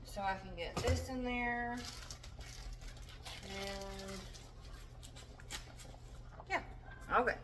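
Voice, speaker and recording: A woman's voice: fairly high pitch, steady tone, extremely slow, long pauses, distant mic, noisy background. A young woman chatting casually while cooking in her home kitchen, rambling with self-deprecating asides. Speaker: home cook vlogger.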